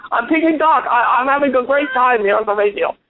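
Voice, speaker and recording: A man voicing an excitable male duck puppet as a ventriloquist, in a high, squeaky, stammering voice, heard over a tinny phone line. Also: a little fast, slight background noise. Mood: thrilled.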